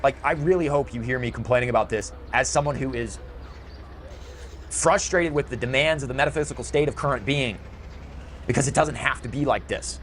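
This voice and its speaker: Middle-aged male commentator, bitter emotional rant, mid pitch, faint noise. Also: a little fast, fairly bright tone. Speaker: video commentator. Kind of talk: emotional ranting monologue.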